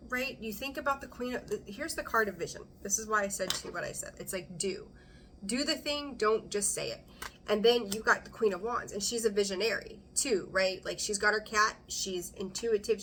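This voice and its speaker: A bright, forceful woman's voice talks straight to the viewer through a tarot spread, blunt and loose with her swearing. She laughs easily and keeps the chat casual. A faint hum of room noise sits underneath. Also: mid-range voice. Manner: chatty, blunt, swears freely, laughs often. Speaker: tarot reader. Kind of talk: casual intuitive reading to camera.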